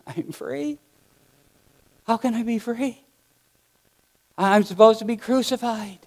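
A man's voice: very high-pitched, slow, a little mellow, voice pushed up, full character voice. A man voicing a terrified male prisoner awaiting crucifixion, crying out in panicked, pleading outbursts. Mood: disbelieving.

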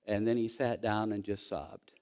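A man preaching a sermon, telling a story quietly and then rising into loud, excited preaching. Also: fairly low pitch, normal speed. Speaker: pastor.

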